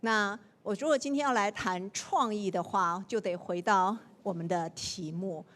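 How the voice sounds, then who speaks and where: A woman's voice: medium pitch, moderate pace, a bit bright. A woman professor giving spoken feedback to student contestants in a light, joking way. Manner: casual and joking with the audience. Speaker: professor, competition judge.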